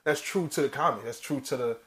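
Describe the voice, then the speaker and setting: Man, podcast co-host, quick delivery, casual, animated. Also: medium pitch. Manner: animated storyteller, swears freely. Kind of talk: casual chat.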